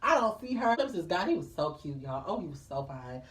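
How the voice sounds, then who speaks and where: A woman's voice: fairly low pitch, fairly quick, far from the mic. A woman vlogger telling a personal story in a casual, chatty way, calling her listeners girl and y'all, and acting out the people she talks about. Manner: lively, acts out the people in the story.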